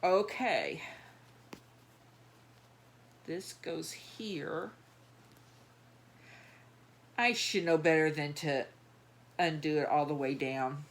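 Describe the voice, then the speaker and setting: A middle-aged woman with a drawl chats on and on in a loose, rambling way, stopping and restarting her thoughts. Her voice sits a little low for a woman. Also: very slow, pauses often. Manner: rambling, chatty, many fillers and restarts. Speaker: doll collector vlogger. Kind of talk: rambling casual chat while handling dolls.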